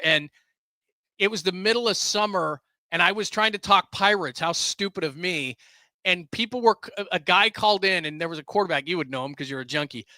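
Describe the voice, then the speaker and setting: Middle-aged male sports broadcaster, high bright voice, animated storyteller. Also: dry recording. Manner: animated, bursts into shouts when quoting. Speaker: sports radio broadcaster, guest. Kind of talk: casual podcast chat, storytelling.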